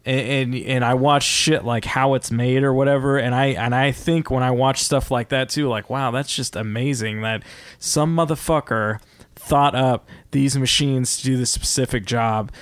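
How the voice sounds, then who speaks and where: A man's voice: mid-range voice, fairly even intonation, normal speed, clear, resonant tone, dry recording. A man hosting a podcast, talking in a rambling, casual way with lots of fillers and swearing. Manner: rambling, profane, many fillers. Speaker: podcast host. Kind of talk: casual chat.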